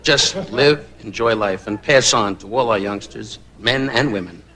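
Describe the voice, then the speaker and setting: A man doing rapid-fire insult comedy at a roast, mimicking voices. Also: lowish voice. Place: banquet hall stage. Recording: old roast broadcast, roomy, loud noise.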